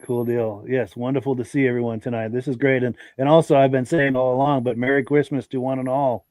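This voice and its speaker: A man's voice: mid-range voice, level tone, brisk, darkish tone, dry recording. A man with a congested voice hosting a live podcast, reading out viewer comments in a friendly, folksy way. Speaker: podcast host.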